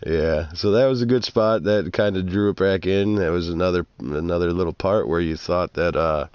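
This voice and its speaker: A man's voice: sits low, moderate pace, clear, resonant tone, no echo. A man co-hosting a podcast, casually recapping a wrestling show, swearing and acting out quotes. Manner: animated, swears, acts out quotes. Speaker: podcast co-host. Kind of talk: casual wrestling review chat.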